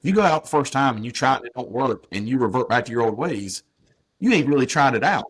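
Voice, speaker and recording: A man's voice: medium pitch, expressive, fast, a bit bright, breathy edge. A plainspoken man in his thirties, a business owner talking casually as a podcast guest, repeating points for emphasis. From North Carolina, US.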